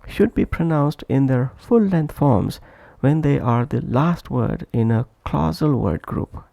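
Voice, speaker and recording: A man narrating a scripted pronunciation lesson, slow and deliberate, repeating each example phrase for practice. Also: medium pitch, expressive, vocal fry, dark tone, dry recording, dull audio. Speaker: English pronunciation teacher.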